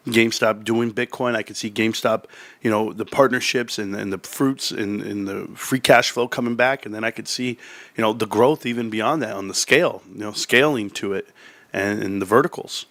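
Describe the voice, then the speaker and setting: Low-voiced man, rambling heartfelt stream talk. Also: fairly bright tone, dry recording. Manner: rambling and heartfelt, with frequent restarts. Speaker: stock market YouTuber. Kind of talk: casual livestream talk.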